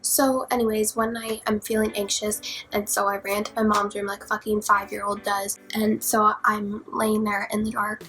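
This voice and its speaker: A young woman vlogger telling a scary personal story in a dramatic, profane way, dropping to whispers and rising to near-shouts. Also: mid-range voice, level tone, normal speed, faint music behind, poor audio. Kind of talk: storytime vlog.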